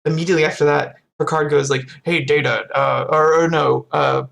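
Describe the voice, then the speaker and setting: A young man co-hosting a podcast in casual chat, animated, acting out quotes and laughing often. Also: on the high side, fairly quick, gravelly. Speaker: podcast co-host.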